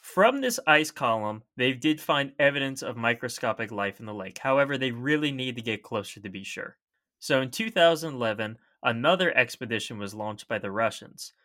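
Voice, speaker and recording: A young man with a medium-pitched, animated voice and a sharp tone talks at a moderate pace. He co-hosts a podcast, explaining science facts in an easy, chatty way during casual science talk.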